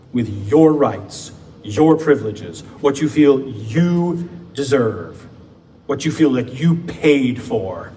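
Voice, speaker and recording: A man, a pastor, preaching a conversational sermon with playful asides and slow emphatic pauses in a church. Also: mid-range voice, mellow. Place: church sanctuary. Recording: distant mic with faint background noise.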